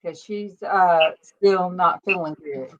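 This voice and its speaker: A woman's voice: fairly low pitch, takes it slowly, highs cut off. A middle-aged woman hosting a casual livestream chat, reading viewer comments aloud and talking with her daughter. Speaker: host.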